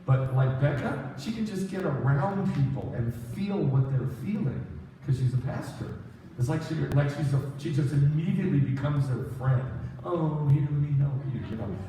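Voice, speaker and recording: A man giving a conversational sermon as a rabbi, self-deprecating and animated, telling stories with quoted asides. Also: on the high side, normal speed, a little hiss or hum. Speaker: rabbi teaching a congregation. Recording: echoey hall from far off.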